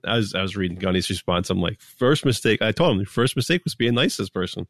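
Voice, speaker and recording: A man's voice: fairly low pitch, expressive, quick pace, dry recording, studio quality. A man hosting a gaming podcast in casual chat, laid-back and amused, laughing often as he moves into the news. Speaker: podcast host.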